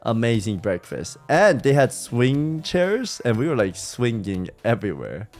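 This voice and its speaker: Animated young man telling trip stories. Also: mid-range voice, measured pace, soft background music. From California. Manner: animated, slangy, swears, mimics friends in quotes. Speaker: streamer. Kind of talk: casual storytelling vlog.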